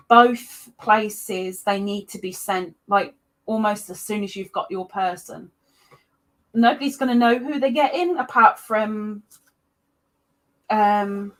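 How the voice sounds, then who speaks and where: A woman hosting a casual livestream chat, greeting viewers by name with excited jumps in her voice. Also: medium pitch. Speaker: livestream host.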